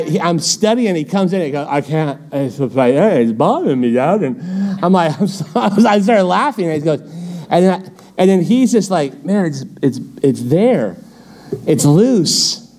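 A middle-aged man teaching a midweek Bible study as pastor, in a conversational, storytelling way. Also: fairly high pitch. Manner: conversational, animated storytelling with laughs.

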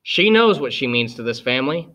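A man voicing a calm, wise middle-aged father who reasons gently and evenly. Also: mid-range voice, a little fast, dull audio.

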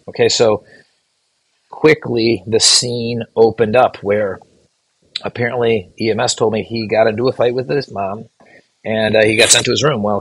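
Gravelly, husky-voiced man telling a story. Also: on the low side, dry recording, low-quality recording. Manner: earnest, halting, often restarts words. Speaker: physician assistant educator. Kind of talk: storytelling lecture to students.

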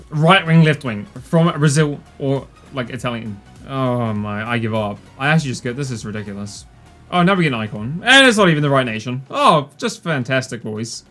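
Young male gaming YouTuber, casual commentary, mid-pitched, sarcastic and exasperated with sudden excited outbursts, soft music bed.

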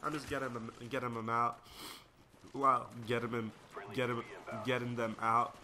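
Bright-voiced rambling guy. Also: mid-range voice, flat delivery, normal speed. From United States. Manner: rambling, easily sidetracked, slangy. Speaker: gaming video creator. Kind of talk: casual gameplay commentary with storytelling.

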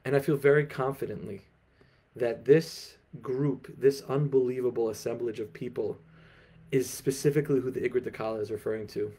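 A man giving an animated Torah lecture and telling stories emphatically at an online festival. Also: medium pitch, brisk, breathy edge. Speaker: Torah teacher.

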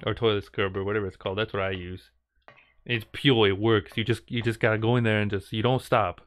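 A man streaming a game, telling a funny story in a playful, teasing, animated way. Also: on the low side, fairly quick. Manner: playful, animated, teasing, keeps saying "girl". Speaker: gaming streamer. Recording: steady background noise.

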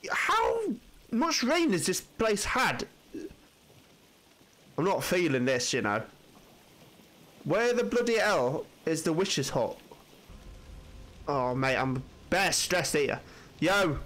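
A man with commenting on a video game he is playing, excitable, jumpy and swearing often. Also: on the high side, slow pace, pauses often. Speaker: gaming channel host. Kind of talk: let's-play commentary.

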